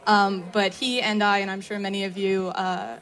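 A woman's voice: medium pitch, little pitch movement, moderate pace, a bit bright. A woman in the audience asking the podcast hosts a question, politely and a little nervously.

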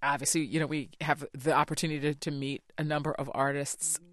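Measured radio interview host. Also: mid-range voice, little pitch movement, fairly bright tone, dry recording, clean studio sound. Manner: measured, conversational, with fillers.

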